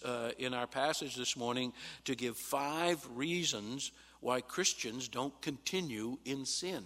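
A pastor giving a Bible sermon in an emphatic teaching manner, pausing on "uh" and rising sharply on quoted replies. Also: male voice, medium pitch, bright, forceful tone. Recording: long hall reverb.

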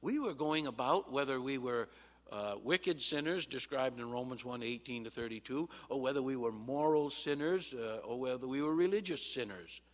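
Man preaching in a reverberant hall. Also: mid-range voice. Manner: emphatic Bible teaching with frequent "uh" pauses, rising sharply on quoted replies. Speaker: pastor. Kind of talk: sermon.

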